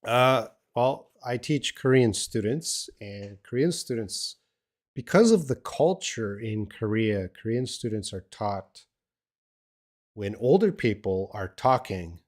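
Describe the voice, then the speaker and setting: An older Australian man with a lowish voice talks through learners' questions in a live English lesson. He rambles in a relaxed way, with plenty of "uh" and restarts. His tone is unhurried and conversational. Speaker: English teacher.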